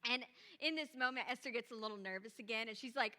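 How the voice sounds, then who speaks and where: A woman preacher delivering a sermon in a church, retelling scripture with lively, casual asides. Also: fairly high pitch, fast, big-room sound. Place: church auditorium.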